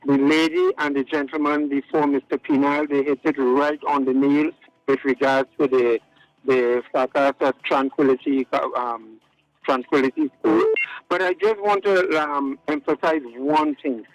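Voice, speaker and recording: A man's voice: medium pitch, fairly even intonation, measured pace, lo-fi sound. A man calling in to a radio talk show, giving his opinion earnestly and stressing his points by repeating words. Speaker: radio call-in caller. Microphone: phone line to radio studio.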